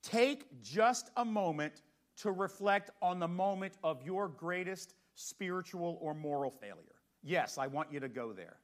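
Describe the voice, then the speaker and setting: A pastor with a high male voice preaching a sermon. He talks in a conversational way and keeps asking the congregation questions as he works through a Bible passage. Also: animated, measured pace.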